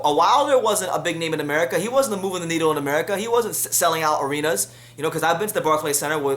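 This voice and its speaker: Heated man in an echoey room. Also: fairly bright tone. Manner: heated, rising pitch when frustrated. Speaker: boxing news host. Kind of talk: solo commentary.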